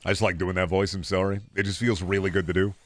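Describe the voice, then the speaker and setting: A man's voice: low-pitched, level tone, quick pace, a little hiss or hum. A young male streamer riffing on his chat in a crude, sarcastic, casual way.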